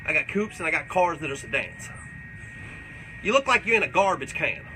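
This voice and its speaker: A man's voice: a little high, expressive, moderate pace, noisy background, lightly acted. A man playing a crude, boastful redneck character who rambles through tall tales and swears constantly during a comedic livestream Q&A. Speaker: comedic character answering fan questions.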